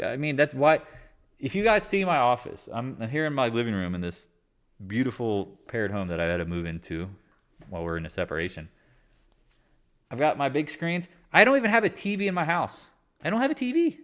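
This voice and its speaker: A man's voice: mid-range voice, sing-song, normal speed. A man hosting a live market stream from his living room, ranting sarcastically and mocking others in put-on voices. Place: living room home office.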